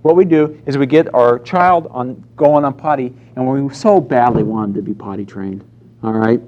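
A man's voice: medium pitch, moderate pace, a little mellow, muffled recording, a little hiss or hum. A man preaching a sermon in a conversational way, telling stories and acting out quotes. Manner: storytelling with acted-out quotes, conversational.

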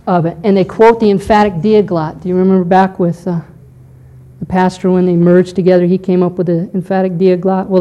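A woman's voice: lowish voice, warm tone, poor audio. A woman teaching a Bible class in a conversational lecture style, often checking in with her listeners.

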